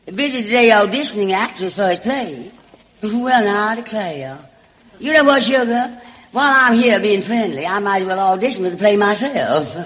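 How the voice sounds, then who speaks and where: A woman's voice: fairly high pitch, fairly bright tone. A woman with a Southern US accent hosting a radio variety show, delivering a comic monologue in a theatrical drawl, calling everyone darling. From Alabama, US South. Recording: muffled old radio broadcast with hall reverb and faint hiss.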